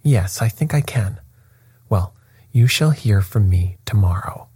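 A cool, confident detective , read by a man telling the story. He speaks slowly and precisely in a low, mellow, slightly husky voice. The sound is dry and close. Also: dry recording, exaggerated voice. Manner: calm, precise, quietly commanding.

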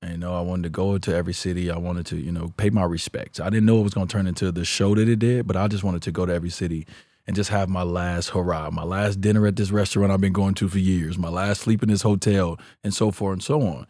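A man talking as a podcast guest in a relaxed, reflective way, full of "like" and "you know". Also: sits low, fast, no echo, studio quality. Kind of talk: casual interview chat.

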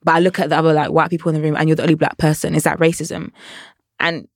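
Soft-spoken woman podcast host. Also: sits low, little pitch movement, rapid-fire, no room sound, clean studio sound. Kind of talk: casual interview chat.

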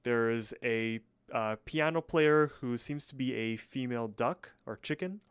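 A man with a smooth, resonant voice recaps a cartoon episode in loose, chatty fashion. He leans on fillers and restarts and now and then pops into quick character voices. His sound is close and dry. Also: mid-range voice, dry recording. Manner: loose, filler-heavy retelling with quick voice impressions. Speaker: podcast co-host.

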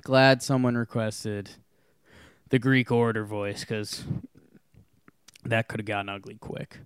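A man co-hosting a podcast, drifting through rambling, joking anecdotes in easy casual chat. His voice is smooth and clear, recorded close on a dry mic with no room sound. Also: fairly low pitch, steady tone, unhurried, no room sound. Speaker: podcast co-host.

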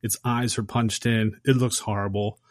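A man casually recapping a horror film on a podcast, acting out the characters' lines with animated energy. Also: lowish voice, normal speed, dry recording, clean studio sound. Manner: animated storyteller acting out quotes. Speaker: podcast host.

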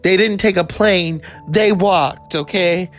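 A man telling a candid personal story in a rambling, casual way, swearing freely and adding animated asides. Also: high-pitched, slow pace, faint music behind.

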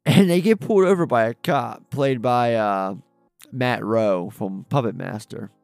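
A man's voice: medium pitch, unhurried, gravelly, no room sound, soft background music. A man co-hosting a film podcast, casually and enthusiastically retelling scenes with some swearing. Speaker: podcast co-host. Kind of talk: casual film review chat.

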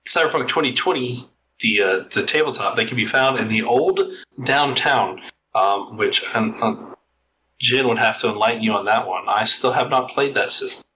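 A man's voice: medium pitch, normal speed, pushed and bright, a little hiss or hum, low-quality recording. A man co-hosting a podcast in laid-back, casual chat, often hesitant with fillers. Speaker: podcast co-host.

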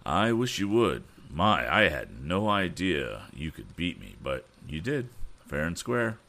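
A man's voice: deep voice, big pitch swings, measured pace, pushed and bright, full character voice. A man reading the part of a friendly adult racing driver who talks in a chatty, admiring way.

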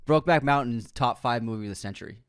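A man's voice: mid-range voice, fast, smooth. A man co-hosting a casual film-news podcast chat, joking and laughing often. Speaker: podcast co-host.

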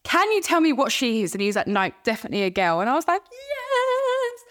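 A woman's voice: mid-range voice, very animated, very fast, fairly bright tone. A young woman, chatting casually on a podcast and telling a blunt, sweary birth story. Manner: blunt, swears freely, tells stories with quoted dialogue. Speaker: podcast co-host. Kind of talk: casual chat.

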